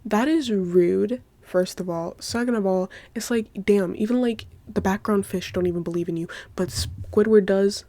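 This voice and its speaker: Solo podcast host, woman, mid-range pitch, gushing and giggly, heavy slang and swearing, dry sound. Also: normal speed, hardly any pauses, dark tone, no room sound. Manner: giggly, breaks into laughter. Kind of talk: casual solo podcast rant.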